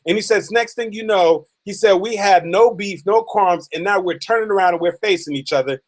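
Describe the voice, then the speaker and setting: High-voiced man telling a motivational story. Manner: retells a story in quoted dialogue, often saying "man"; builds the story slowly, then quickens for dramatic moments. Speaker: motivational speaker.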